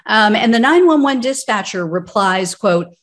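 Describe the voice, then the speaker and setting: A woman's voice: mid-range voice, expressive, moderate pace. A woman commenting on political news, reading out court records and breaking into sarcastic, indignant asides.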